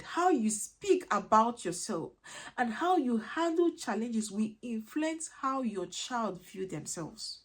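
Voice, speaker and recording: A woman's voice: a little high, husky. A woman giving an earnest parenting lesson, driving points home with repeated rhetorical questions. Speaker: parenting coach. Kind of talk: motivational teaching talk.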